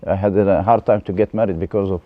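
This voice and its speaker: A man with an Arabic accent, a guest telling his life story in halting English with many restarts. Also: low voice, fairly even intonation, dry recording, phone-quality sound. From West Bank. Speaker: interview guest.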